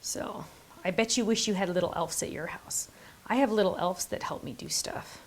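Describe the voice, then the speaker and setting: A woman's voice: medium pitch, moderate pace, a little hiss or hum. A middle-aged woman hosting a card-making tutorial, chatty and enthusiastic, gushing over her supplies. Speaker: craft video host.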